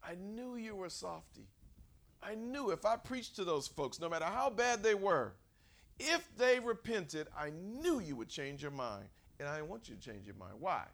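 A man preaching acts out a sulking, angry male prophet who complains to God, then shouts in rage. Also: high voice, sing-song, moderate pace, vocal fry, voice pushed up, heavily acted. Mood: petulant. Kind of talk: dramatized scripture in a sermon.

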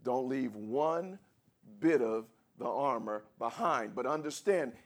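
A man pastor preaching a sermon, swinging between quiet, low passages and loud, high, shouted peaks. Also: expressive, slow pace.

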